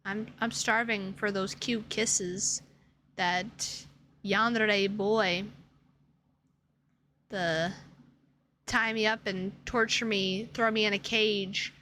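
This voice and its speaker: A woman's voice: mid-range voice, fairly even intonation, takes it slowly, pauses often, bright, forceful tone, slight background noise. A woman gaming streamer reacting live to a game, dramatic, whiny and exasperated, swearing a lot.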